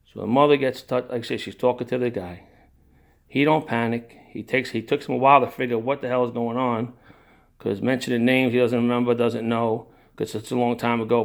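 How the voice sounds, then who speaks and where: A man's voice: medium pitch, gravelly. An older man telling a personal family story in a rambling, digressive way, with sighs, restarts and emotion. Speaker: narrator of his own family story.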